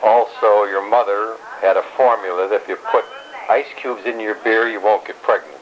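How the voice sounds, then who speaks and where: A man's voice: lowish voice, moderate pace. An older man, a grandfather, telling his life story in a rambling, blunt way with some salty language, recorded at home. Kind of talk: casual family storytelling. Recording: dull home recording with faint hiss.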